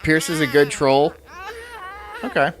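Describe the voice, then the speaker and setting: A man's voice: a little high, steady tone, a little slow, background noise. A man streaming, ranting and reacting to clips in a brash, profane way and laughing often. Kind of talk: casual livestream rant.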